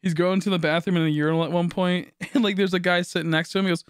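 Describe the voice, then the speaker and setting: A man's voice: high-pitched, level tone, fast talker, clean tone, no echo, studio quality. A man in his late twenties, a streamer rambling through a funny story, laughing often and swearing casually.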